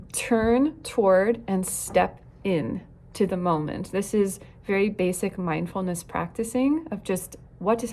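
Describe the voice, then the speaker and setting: A woman's voice: mid-range voice, a little mellow. A woman teaching parents in an earnest, reflective way, now and then acting out short quoted lines. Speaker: parenting educator. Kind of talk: recorded talk on parenting.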